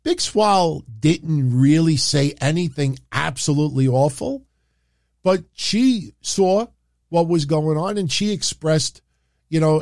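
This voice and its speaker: A man's voice: on the high side, a little mellow, no room sound, studio quality. A man with a New York accent, rambling through opinionated wrestling talk on a livestream. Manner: rambling and opinionated, many filler phrases. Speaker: wrestling commentary streamer.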